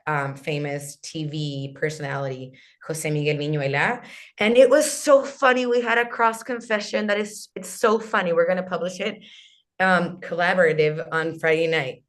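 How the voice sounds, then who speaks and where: A woman's voice: deep voice, moderate pace. A woman in her thirties from Chile, an English speaker, telling stories as a podcast guest on a video call, full of "like" and restarts. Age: 30s. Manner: animated storyteller, lots of "like" and restarts. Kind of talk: casual interview.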